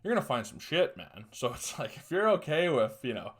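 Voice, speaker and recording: A man's voice: medium pitch, big pitch swings, a little fast, fairly bright tone. A young man hosting a podcast, talking bluntly and casually, rambling with profanity and mocking asides. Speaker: podcast host. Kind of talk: casual solo commentary.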